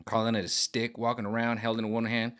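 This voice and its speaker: Man, vlog rant, bright voice, animated, mocking. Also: mid-range voice, fairly quick, clear, resonant tone. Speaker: vlogger. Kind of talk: ranting monologue. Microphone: camera on gimbal.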